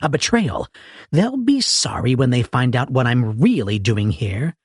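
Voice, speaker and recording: A man's voice: medium pitch, very animated, a little slow, husky, no room sound, studio quality. A man voicing a pompous professor who sneers, blusters and seethes with indignation. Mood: indignant. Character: pompous, easily enraged middle-aged professor.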